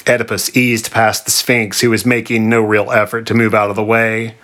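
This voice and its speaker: A man narrating a comic story in a dry, deadpan manner. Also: lowish voice, moderate pace, few pauses.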